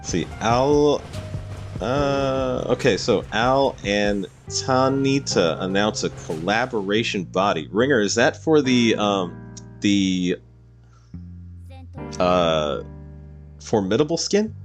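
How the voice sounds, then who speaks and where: A man's voice: fairly low pitch, expressive, takes it slowly, soft background music. A man streaming a game live, chatting casually in a rambling storytelling way and often laughing.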